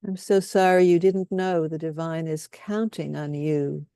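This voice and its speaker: Woman workshop leader, calm guided-healing delivery, dry close sound, lowish pitch. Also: smooth, no room sound. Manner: slow, soothing, leads repeated statements.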